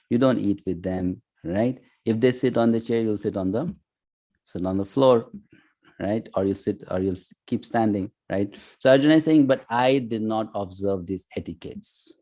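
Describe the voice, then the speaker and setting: A man teaching an online scripture class, talking conversationally with frequent "you know" and "hmm", and chanting verses slowly. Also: on the low side, dark tone. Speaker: course teacher. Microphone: online class audio.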